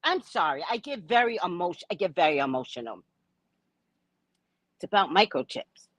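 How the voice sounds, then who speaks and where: This psychic reader and spiritual adviser has a lowish voice at normal speed, recorded dry. Ranting casually to camera, she's blunt and profane, exclaiming and laughing often between remarks and tossing asides to the viewer.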